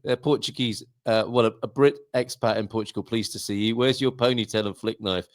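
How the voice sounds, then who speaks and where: A man's voice: medium pitch, fairly even intonation, brisk, no room sound, clean studio sound. A man from England hosting a casual morning show, teasing and joking with his guest. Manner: playful, teasing, jokey. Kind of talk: casual banter between two hosts.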